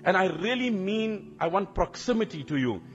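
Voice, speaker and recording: A man voicing an admiring young woman who earnestly asks a scholar to marry her, in a formal, flattering way. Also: high voice, moderate pace, lo-fi sound. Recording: long hall reverb, faint music.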